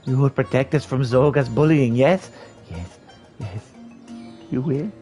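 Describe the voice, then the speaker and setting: A man's voice: medium pitch, measured pace, warm tone, soft background music, close to an everyday voice. A man voicing a timid, fretful male kobold in a game, stammering and piling up anxious synonyms. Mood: whiny. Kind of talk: reading game dialogue aloud in character.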